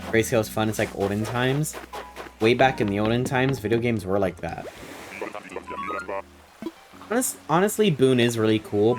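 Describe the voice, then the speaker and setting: Jokey male game streamer. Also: fairly low pitch. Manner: playful and jokey, chatting with chat. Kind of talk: casual gameplay commentary. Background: game music.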